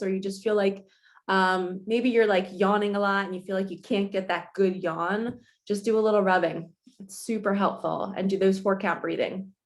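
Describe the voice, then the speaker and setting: Chatty woman spiritual coach. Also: mid-range voice. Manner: chatty and earnest, laughs often, swears casually. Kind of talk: casual spiritual morning talk.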